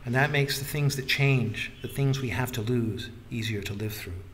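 A man's voice: mid-range voice, moderate pace, fairly bright tone, slight background noise, close to an everyday voice. A man reading a pensive murmuring young wife. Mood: tender. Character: young woman, tender and thoughtful wife.

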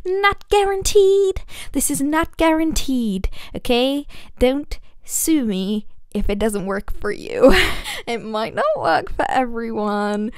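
High, smooth-voiced enthusiastic vocal coach woman. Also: expressive, takes it slowly, darkish tone, dry recording, clean studio sound. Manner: enthusiastic, gushing, technical. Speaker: vocal coach reacting to a performance. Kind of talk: explanatory reaction commentary.

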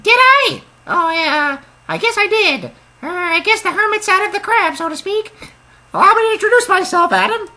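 Shrill, bright, rambling cartoonish male dolphin for a game. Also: normal speed, full character voice. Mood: chatty. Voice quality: squeaky, birdlike. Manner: rambling, excitable. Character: chatty, hasty male dolphin.

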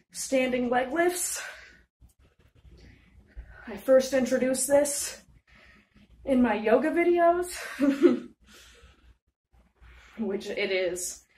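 A woman's voice: high-pitched, a little mellow. Breathless woman counting workout reps. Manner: chatty and giggly, laughing between exercises. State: out of breath from exercising. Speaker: fitness video host. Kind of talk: casual workout demonstration, counting reps aloud. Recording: echoey room, mic at a distance.

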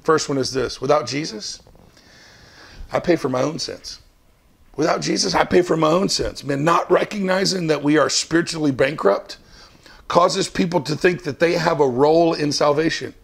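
A man's voice: on the high side, moderate pace, creaky, slightly rough. A male pastor preaching a sermon to his congregation in a conversational, storytelling way.

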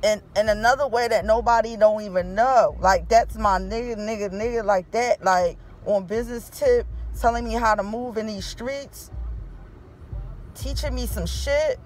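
A woman's voice: a little high, normal speed, slight background noise. A woman from Philadelphia recording a raw, grieving vlog from her car, with heavy swearing. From Philadelphia, USA. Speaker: vlogger. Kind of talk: emotional selfie vlog.

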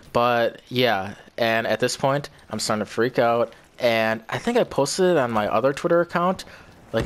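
A young man telling a story in a casual, rambling way, swearing often and repeating himself. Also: mid-range voice. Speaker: vlogger.

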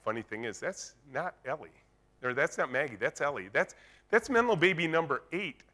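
Guy on a conference stage telling stories, bright forceful voice, acts out the quotes. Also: fairly high pitch, normal speed. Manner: lively storyteller acting out dialogue. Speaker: keynote speaker. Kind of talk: conference keynote storytelling.

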